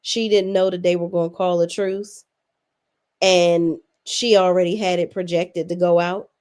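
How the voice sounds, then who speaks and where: A woman's voice: lowish voice, level tone, measured pace, a little mellow, clear, resonant tone. A young adult woman hosting a casual recap, blunt, sassy and full of swearing. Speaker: reality TV recap host.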